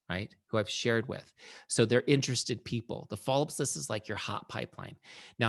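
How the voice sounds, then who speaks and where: A middle-aged man with a low, gravelly voice teaches a webinar in a chatty, storytelling way. He is recorded close on a computer mic in a dry setting, and he keeps checking in with his listeners. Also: dry recording. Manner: chatty and warm, telling stories, often asks "right?". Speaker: webinar host and software founder.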